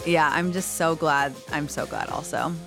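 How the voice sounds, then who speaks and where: A woman's voice: low voice, normal speed, vocal fry, music in the background. A young woman hosting a podcast, chatting casually in a bubbly, rambling way with lots of "like". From grew up in London. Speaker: podcast host. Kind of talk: casual chat.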